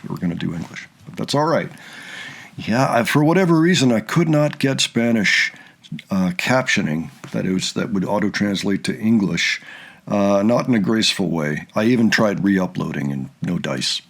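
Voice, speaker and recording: Husky-voiced man musing on a clip. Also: lowish voice, brisk. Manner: relaxed, reflective musing. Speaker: reaction channel host. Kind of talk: casual reaction commentary.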